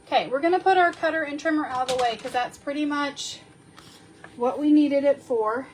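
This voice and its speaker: A woman's voice: sits high, normal speed, slight background noise. A woman hosting a casual card-making tutorial, chatty and homey, with playful little word repeats.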